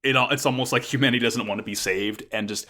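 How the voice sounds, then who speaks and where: A man's voice: mid-range voice, steady tone, quick pace, pushed and bright. A young man casually recapping an anime episode as podcast co-host, rambling with lots of ums and likes.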